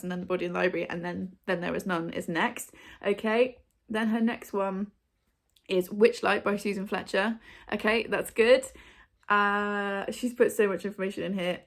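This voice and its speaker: A woman with a creaky, mid-range voice hosts a book video at home, chatting casually to camera in front of her shelves. She comes across bubbly and chatty, using many ums and likes.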